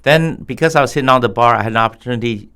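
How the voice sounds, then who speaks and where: A man as an interview guest, telling stories in a relaxed, anecdotal way. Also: medium pitch, racing, clear, resonant tone. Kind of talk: conversational interview.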